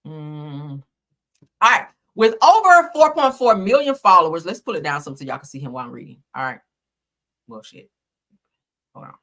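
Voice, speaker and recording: A woman's voice: low voice, big pitch swings, moderate pace, pauses often, a bit bright. A woman hosting a livestream, reading celebrity news aloud in a sassy, chatty way and laughing with her viewers. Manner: sassy, chatty, laughs often, talks to chat. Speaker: livestream host.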